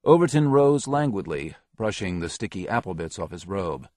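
A man giving a steady, measured scripted audiobook narration. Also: deep voice, no echo.

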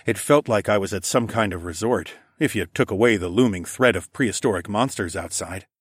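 A man narrating an audiobook in the first person, in a calm, even, low-key way. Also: a little fast, slightly rough, no room sound, studio quality.

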